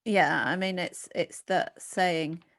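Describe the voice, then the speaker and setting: A middle-aged British woman being interviewed as a psychologist, talking earnestly and animatedly with quick restarts. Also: fairly low pitch, steady tone, fairly bright tone. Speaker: guest psychologist. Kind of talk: podcast interview.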